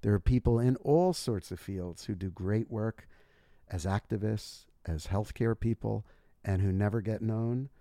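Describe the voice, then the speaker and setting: Low, mellow-voiced thoughtful man. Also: no room sound. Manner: thoughtful, measured, explaining carefully. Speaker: guest author. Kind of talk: casual interview talk.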